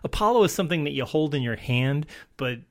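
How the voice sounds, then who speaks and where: A man's voice: on the high side, expressive, fast. A man co-hosting a casual chat, rambling along with lots of restarts and fillers. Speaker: podcast co-host.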